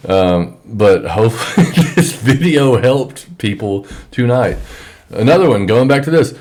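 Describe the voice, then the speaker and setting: A man's voice: medium pitch, expressive, measured pace, a little mellow. A man teaching trading in an office on a microphone, lecturing bluntly and with profanity. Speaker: trading educator. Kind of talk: screen-share trading lesson.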